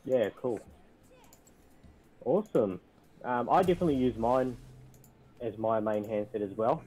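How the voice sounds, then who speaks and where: A man's voice: medium pitch, a little slow, dark tone, breathy edge, low-quality recording. Upbeat man hosting a stream. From Australia. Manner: upbeat, tells dad jokes. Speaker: livestream host. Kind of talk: casual livestream chat.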